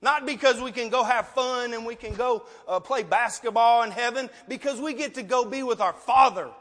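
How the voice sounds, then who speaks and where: A male preacher delivering an emotional, sometimes loud sermon full of pleading rhetorical questions and an altar call. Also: very high voice, moderate pace. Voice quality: passionate, emotional, loud at times. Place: church sanctuary. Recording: long reverb of a large hall.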